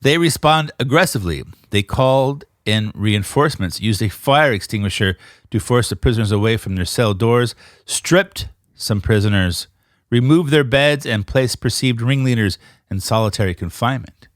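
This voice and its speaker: A man hosting a casual podcast, retelling a story with animated energy and often checking in with his listener. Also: medium pitch, moderate pace, no room sound, studio quality. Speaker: podcast host.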